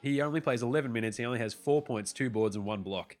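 A man's voice: medium pitch, quick pace, soft background music. An Australian man hosting a casual sports podcast, talking loosely and swearing freely with a lot of slang. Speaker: podcast host.

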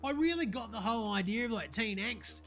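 A man's voice: high-pitched, expressive, brisk, a bit bright, soft background music, voice pushed up. A man voicing a brash, crude young Australian bogan who rambles in slang about films.

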